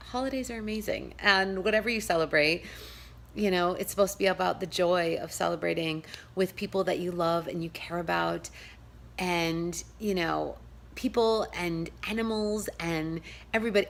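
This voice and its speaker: A woman's voice: on the low side, vocal fry. A woman with a New York accent hosting a pagan channel, chatting in a rambling, casual vlog style and laughing often.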